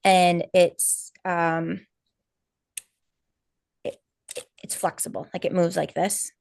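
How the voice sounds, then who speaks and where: A woman co-hosting a live stream, telling a personal story in casual chat, animated and full of fillers and quoted asides. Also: on the low side, slow, gravelly, no echo, studio quality. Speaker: co-host of a spiritual healing live stream.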